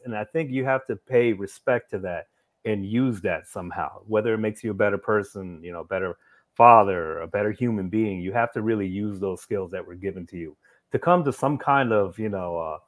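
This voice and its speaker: A man from New York, a guest comic creator, talking in an earnest, reflective and encouraging way in a casual interview. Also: lowish voice.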